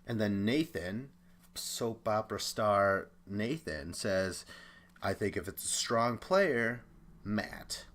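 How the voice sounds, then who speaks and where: A man's voice: on the low side, expressive, slow pace, fairly bright tone. A young man hosting a podcast, giving a chatty, opinionated recap and acting out the quotes. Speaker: podcast host. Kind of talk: casual recap commentary.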